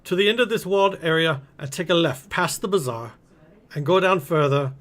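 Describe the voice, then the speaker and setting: A man voicing a brisk male merchant in a port city, speaking in a put-on accent for a tabletop game. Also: on the high side, fairly bright tone, pitched above the performer's own voice, lightly acted. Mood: helpful.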